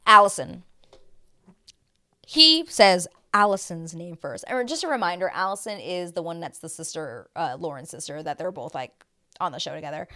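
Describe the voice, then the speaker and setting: A woman in her thirties giving a chatty, animated recap, breaking into playful voices when she quotes people. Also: lowish voice, normal speed. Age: 30s. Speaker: host. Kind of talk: casual recap chat.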